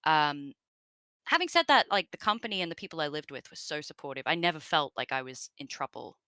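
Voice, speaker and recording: A woman's voice: low voice, lively intonation, brisk, sharp tone, smooth, no room sound. A woman with an Australian accent, a guest in an interview, chatting casually with many fillers and laughs.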